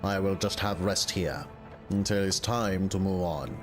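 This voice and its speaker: A man voicing a weary, fussy flea who grumbles slowly in broken grammar. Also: deep voice, music in the background.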